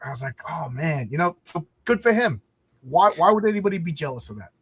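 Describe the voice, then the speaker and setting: A man's voice: a little high, a little fast, slightly rough, no room sound. A middle-aged man, hosting a casual chat and acting out quotes as he tells stories. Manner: animated storyteller, acts out quotes. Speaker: podcast host.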